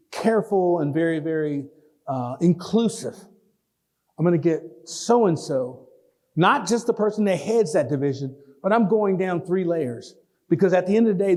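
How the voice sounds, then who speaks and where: A man, giving a folksy, animated public lecture and taking audience questions in a lecture hall. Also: fairly high pitch. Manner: animated, folksy, talks straight to the crowd. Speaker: guest lecturer.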